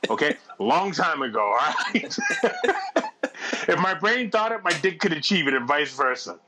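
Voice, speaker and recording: A middle-aged man telling a long anecdote in casual chat, profane and animated, laughing as he goes. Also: a little high, normal speed, noisy background.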